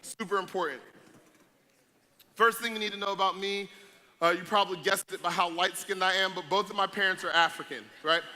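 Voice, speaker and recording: A man's voice: high-pitched, steady tone, fairly quick, bright, forceful tone. A young man, joking and hyping up a crowd as a youth event speaker. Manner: playful, hype, joking with audience. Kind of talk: energetic stage talk to a crowd. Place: large event hall with audience. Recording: noisy live event recording.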